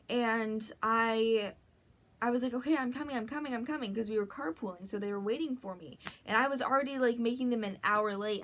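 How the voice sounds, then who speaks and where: A woman's voice: medium pitch, a bit bright. A young adult woman vlogger telling a story in a casual, rambling way, packed with fillers and breathless retellings.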